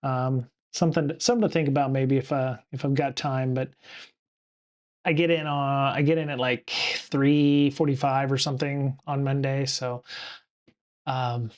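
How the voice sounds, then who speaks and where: A man's voice: mid-range voice, fairly even intonation, measured pace. A man hosting a casual livestream show, rambling with lots of fillers and restarts from a home studio. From United States. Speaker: podcast host.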